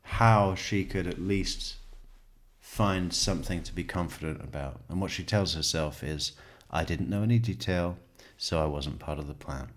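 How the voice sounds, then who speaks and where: A man's voice: low voice, moderate pace. A man giving casual true crime commentary, sarcastic and mocking as he mimics what he watches.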